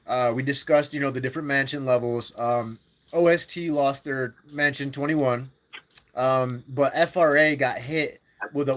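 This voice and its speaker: A man with a mid-range, slightly bright voice live-streams a mobile war game. He chats casually about strategy, rambling along with many fillers and restarts.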